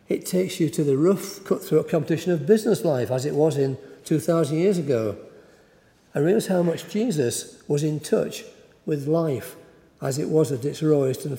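A male preacher delivering a sermon in a wry, conversational storytelling manner. His voice is mellow and sits a little high, and it carries through a roomy church with a long reverb tail. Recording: echoey church hall.

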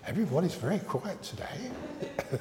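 A man leading a church service, reading scripture and then speaking to children in a measured, expressive way. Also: mid-range voice. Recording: echoey, reverberant large room.

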